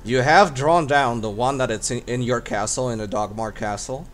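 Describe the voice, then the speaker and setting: A man acting as dungeon master, explaining rules with frequent pauses and restarts. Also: medium pitch, a bit bright, soft background music. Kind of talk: running a tabletop game.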